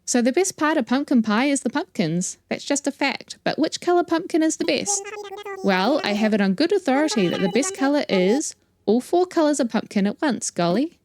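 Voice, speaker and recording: Jolly young bear cub read by a New Zealand woman, food-mad, playful, sing-song lively pitch. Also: moderate pace. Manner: reading game dialogue aloud playfully. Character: cheerful young male bear cub, food-loving and silly.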